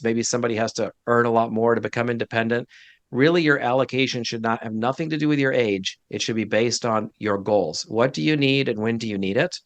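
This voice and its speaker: A man's voice: medium pitch, no room sound. A man speaking as a guest financial advisor in a casual interview, direct and emphatic with blunt opinions.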